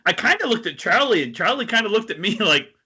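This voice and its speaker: A man's voice: high voice, very animated, quick pace, pushed and bright, husky. A man co-hosting a podcast, chatting casually, rambling through questions and laughing easily. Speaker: podcast co-host. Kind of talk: casual interview chat.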